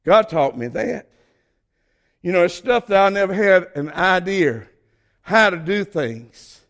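A Southern-accented man preaching with a notably high voice. His delivery is folksy and fervent. He drags out key phrases and lifts them to ringing peaks. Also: animated, measured pace, fairly bright tone. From Southern United States. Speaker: pastor. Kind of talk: sermon.

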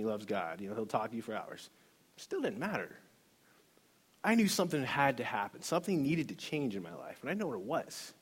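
A middle-aged man tells his faith story to a workshop group, his voice husky and slightly breathy. He speaks earnestly and with feeling, often restarting his sentences as he goes. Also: medium pitch. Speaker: workshop leader. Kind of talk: personal testimony.

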